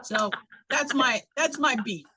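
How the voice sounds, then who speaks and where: A woman's voice: high-pitched, measured pace, pushed and bright, slight background noise. A woman guesting on a podcast in a recording studio, talking in a wry, punchy, joking way. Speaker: podcast guest, chamber of commerce staff. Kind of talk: casual interview chat.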